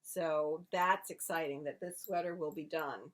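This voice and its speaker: A woman's voice: low-pitched, steady tone, measured pace. Chatty woman co-hosting a knitting podcast. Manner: chatty, explains her knitting step by step. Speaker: podcast co-host. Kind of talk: casual knitting chat.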